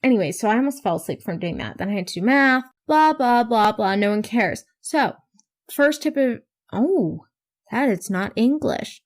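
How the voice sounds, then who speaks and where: A woman's voice: mid-range voice, expressive, moderate pace. A teenage girl hosting her own podcast, talking in a rambling, self-mocking way and swearing casually. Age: teens. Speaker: podcast host. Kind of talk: casual solo podcast chat.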